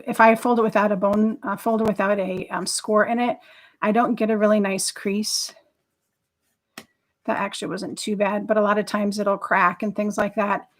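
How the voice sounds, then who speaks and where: Woman, craft livestream host, chatty, enthusiastic, rambling, mid-pitched voice. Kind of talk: casual live craft demo chat.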